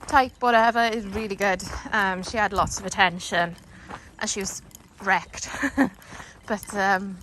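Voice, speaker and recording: A woman's voice: medium pitch, steady tone, unhurried, a bit bright, rough recording. A woman chatting casually to a phone camera while walking her dogs outdoors, rambling with lots of fillers and stopping to talk to the dogs. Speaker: dog owner vlogger. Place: outdoors on a dog walk. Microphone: handheld phone camera. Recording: phone video outdoors with clear background noise.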